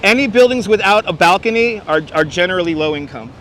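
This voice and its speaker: A high, bright-toned man chats with his livestream viewers on a beach, joking wryly about their comments. Faint wind and surf noise sit under his clip-on mic, and he sounds quick and sharp. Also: expressive. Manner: wry, joking, mock-announcer asides. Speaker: livestream host. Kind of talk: casual livestream chat reading viewer comments. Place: outdoors on a windy beach. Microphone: wireless clip-on mic.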